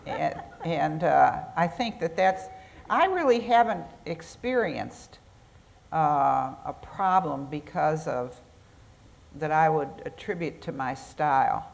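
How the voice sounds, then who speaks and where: A woman's voice: sits low, expressive, slow, vocal fry. A woman judge on a panel, talking in a candid, plainspoken way. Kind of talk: panel discussion.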